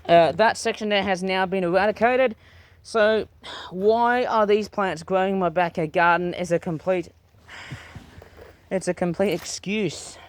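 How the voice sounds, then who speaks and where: A man's voice: high-pitched, steady tone, a little slow, no echo. A man talking casually and chattily to viewers as he weeds his backyard garden, recording outdoors on a tablet. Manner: chatty, exclamatory, playful word choices. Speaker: gardening vlogger. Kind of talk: casual rambling commentary. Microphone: tablet camera.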